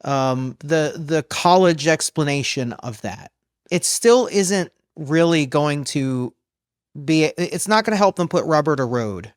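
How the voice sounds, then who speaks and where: A man's voice: fairly high pitch, lively intonation, no echo. Loose-talking male vocal coach, dry. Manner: loose, halting explanations. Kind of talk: casual podcast interview. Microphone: studio microphone.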